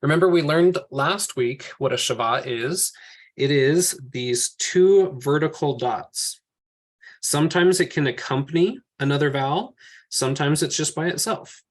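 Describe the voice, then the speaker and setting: A man's voice: fairly high pitch, unhurried. A man teaching a class from slides, explaining each step patiently and thinking aloud as he works.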